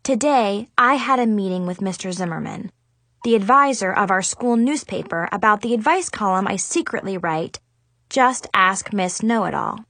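A young woman narrating a story in a lively, expressive reading style. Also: medium pitch, moderate pace, dry recording. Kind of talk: scripted audiobook narration.

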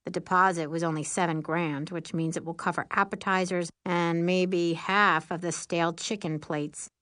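Woman reading anxious teen boy class president, low and dry, sighing delivery. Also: steady tone, moderate pace, fairly bright tone, no echo, close to an everyday voice. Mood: worried. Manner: worried, sighing, glum.

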